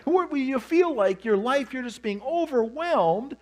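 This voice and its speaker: Pastor, sermon, playful storytelling, very expressive pitch. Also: normal speed. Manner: animated, humorous storytelling.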